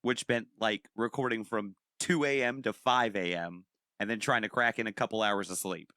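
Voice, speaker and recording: A man hosting a podcast, telling stories in a relaxed way and quoting others as he goes. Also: fairly low pitch, moderate pace, dry recording, studio quality. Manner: relaxed storyteller, quotes others. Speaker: podcast host. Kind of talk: casual podcast chat.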